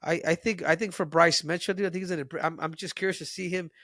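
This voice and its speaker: A man co-hosting a fight podcast in casual chat, excitable and prone to restarting his phrases. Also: on the high side, quick pace, no echo, clean studio sound. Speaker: podcast co-host, fight analyst.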